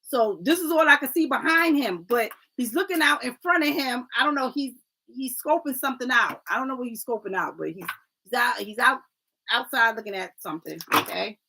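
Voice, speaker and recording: Woman doing a card reading on a live stream, kinda high, gravelly fry, keeps saying right? and family. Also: fairly quick, bright, forceful tone, slight background noise, poor audio. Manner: chatty, repeats "right?" and "family"; stumbles over names, apologizes. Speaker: oracle card reader. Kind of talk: casual livestream reading.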